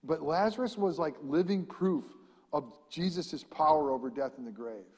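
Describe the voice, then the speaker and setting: A man's voice: a little high, normal speed, darkish tone, slightly rough. A man preaching a sermon as pastor, impassioned, repeating rhetorical questions and building to emphatic peaks. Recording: long hall reverb.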